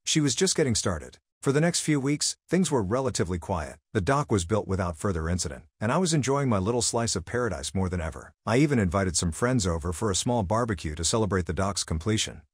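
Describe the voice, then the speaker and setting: A man narrating a first-person story in an expressive, storytelling manner. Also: lowish voice, a little fast, few pauses, husky, no echo, clean studio sound.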